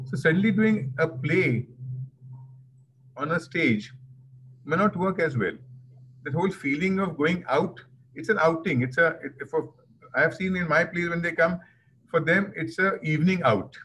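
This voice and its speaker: A man's voice: on the high side, normal speed, long pauses, fairly bright tone, slight background noise, poor audio. A man with an Indian accent giving a conversational webinar talk, anecdotal and repeating phrases for emphasis, over a video call. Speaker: webinar guest speaker.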